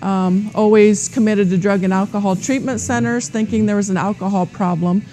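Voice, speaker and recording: A woman guest explains her program work in a steady, unhurried way, pausing often on "um." Her pitch sits in an ordinary middle range. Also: soft background music. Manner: steady, with frequent um fillers. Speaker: nonprofit program coordinator, guest. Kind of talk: interview answers.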